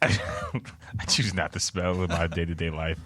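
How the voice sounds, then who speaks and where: A man's voice: sits low, steady tone, a little slow, a bit bright, slight background noise. A man hosting a casual chat in a playful, rambling way that drifts off on tangents. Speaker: podcast host.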